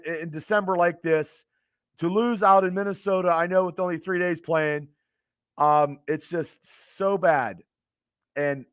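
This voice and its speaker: Frustrated man, high voice, stammering, cursing, dry close sound. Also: smooth, no echo. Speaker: fan show host. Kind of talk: late-night live stream rant. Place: at home.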